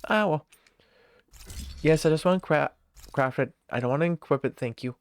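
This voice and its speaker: A game streamer casually talking through a live stream, reading in-game text aloud, thinking out loud and laughing easily. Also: medium pitch, moderate pace, no room sound.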